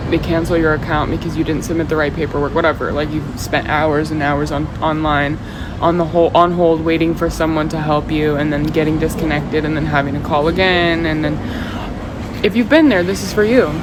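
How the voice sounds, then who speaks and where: A woman tells a casual story in a lowish voice, animated and swearing freely. Traffic and outdoor noise carry clearly behind her. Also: normal speed. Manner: animated, swearing, mimics others with high voices. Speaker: social media poster.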